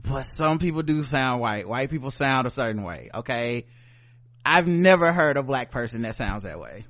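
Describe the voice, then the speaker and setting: A man with a Southern US accent, co-hosting a podcast in animated, joking casual chat. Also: mid-range voice, moderate pace. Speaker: podcast co-host.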